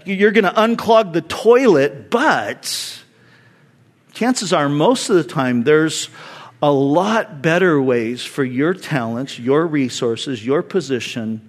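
A man's voice: a little high, animated, slow pace. A man preaching a conversational sermon as a pastor, earnest and acting out the voices he quotes.

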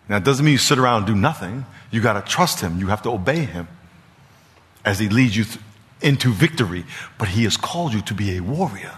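A man's voice: lowish voice, animated, a little fast, fairly bright tone. A man preaching a sermon as pastor, emphatic and repetitive, often stumbling and restarting his words. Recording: long reverb of a large hall.

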